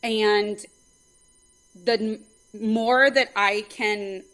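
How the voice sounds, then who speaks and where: A woman from California, a softball pitching coach and a mother, talking earnestly as a guest in an interview, quick to fill pauses with "um" and "like". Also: steady tone, low-quality recording. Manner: talkative, earnest, many fillers. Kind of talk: casual interview chat.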